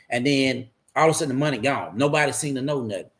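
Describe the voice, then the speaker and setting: A man's voice: medium pitch, fast. A man candidly telling his life story in a rambling, profane way, repeating himself as he goes.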